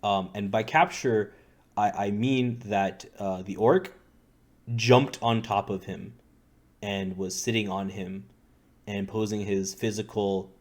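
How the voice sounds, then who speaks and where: Low-voiced man running a tabletop game. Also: steady tone, slow pace. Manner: correcting and explaining, adds context. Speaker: game master.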